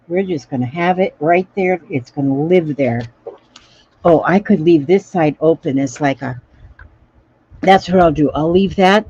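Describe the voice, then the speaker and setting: A woman's voice: low voice, warm tone, slightly rough, dull audio. A woman chatting casually through a crafting livestream, repeating little phrases to herself as she works. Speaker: craft vlogger reading live comments.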